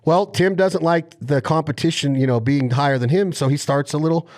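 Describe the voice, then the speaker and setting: Excitable male podcast host. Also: fairly high pitch, a little fast. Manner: enthusiastic, animated storyteller. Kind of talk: casual interview chat.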